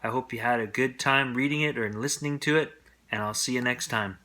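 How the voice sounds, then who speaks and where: A man reads a bedtime picture book aloud with a gentle, friendly manner. His voice has a bright, forward edge. He sits at an ordinary middle pitch. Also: a little fast. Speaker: storyteller. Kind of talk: bedtime story read-aloud.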